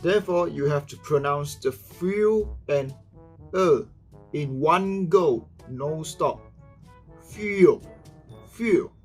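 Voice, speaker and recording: A man's voice: a little high, slow, faint music behind. A young Malaysian man with a Malaysian accent, presenting a scripted pronunciation lesson and carefully over-stressing the example words. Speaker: student presenter.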